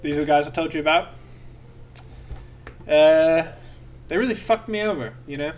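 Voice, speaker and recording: A man's voice: on the high side, moderate pace, pitched above the performer's own voice, natural voice. A man doing a pushy, aggrieved rogue. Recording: noisy home recording.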